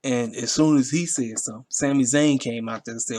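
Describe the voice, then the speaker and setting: A man's voice: a little fast, few pauses. Exasperated ranting man, casual review. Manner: exasperated, animated, repeats himself, jumps up high in pitch when outraged. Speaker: wrestling show reviewer. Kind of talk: casual rant.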